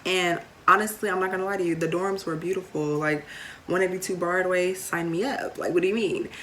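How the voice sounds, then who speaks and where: A woman's voice: on the low side, fairly even intonation, fairly quick, a bit bright, slight background noise. A young woman, chatting casually to camera with lots of fillers and playful asides. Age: late teens. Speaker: vlogger.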